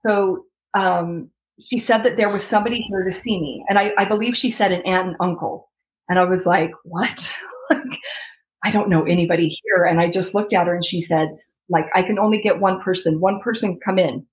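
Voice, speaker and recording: A woman's voice: lowish voice, steady tone, moderate pace, low-quality recording. A young adult woman from the United States, telling a heartfelt personal story as an interview guest and acting out the voices of the people in it. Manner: heartfelt, acts out quoted voices, laughs between lines.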